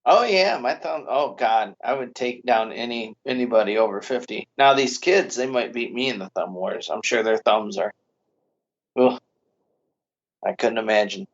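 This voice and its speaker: A man's voice: mid-range voice, normal speed. Rambling man on a lo-fi podcast. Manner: rambling, hesitant, lots of restarts. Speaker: podcast co-host. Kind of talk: casual comedy podcast banter.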